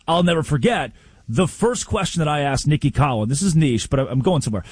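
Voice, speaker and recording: A man co-hosting a casual sports talk show tells stories animatedly, acting out the coaches he quotes and often restarting his sentences. His fairly high voice is slightly rough, recorded with no echo.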